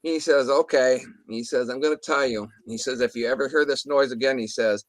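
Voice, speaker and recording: A man's voice: medium pitch, fairly even intonation, brisk, hardly any pauses, no echo. Rambling man spinning a spooky tale. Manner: rambling, restarts, mild swearing, quotes dialogue. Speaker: guest telling an encounter story. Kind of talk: casual storytelling interview.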